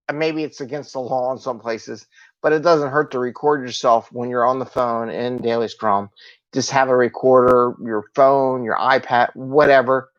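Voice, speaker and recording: A man's voice: mid-range voice, steady tone, normal speed, lo-fi sound. A man hosting a live solo video talk as an agile coach, talking in an upbeat, conversational way and asking his viewers rhetorical questions.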